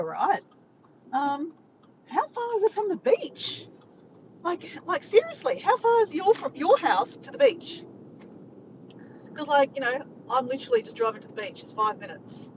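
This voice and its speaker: Filmed on her phone as she drives, an Australian woman with a high voice talks casually to viewers in her live chat. The audio from the car is dull, carrying a little hiss or hum.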